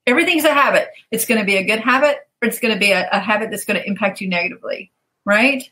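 A woman's voice: mid-range voice, racing, sharp tone, poor audio. A woman coach telling stories in a casual interview, animatedly acting out the people she quotes and laughing often.

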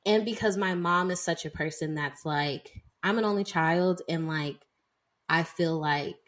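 A woman's voice: lowish voice, measured pace. A woman in her twenties, co-hosting a casual book chat and chatting with lots of "like" and "y'all.". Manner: chatty, heavy use of "like" and "y'all". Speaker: podcast co-host.

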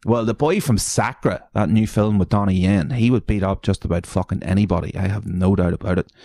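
A podcast host with a lowish voice rants through internet comments, swearing freely and laughing at them. He often jumps up into squeaky mocking voices, and the sound is close and dry with no room around it. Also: brisk, creaky, warm tone, dry recording. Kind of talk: solo podcast commentary reading online posts.

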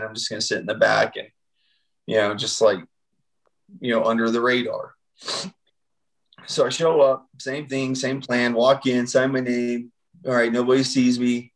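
A man's voice: medium pitch, fairly bright tone, rough recording. A man in his thirties, a podcast guest telling his personal story in a loose, rambling way full of fillers. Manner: rambling storytelling with many fillers like "you know" and "like". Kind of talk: personal testimony in casual conversation.

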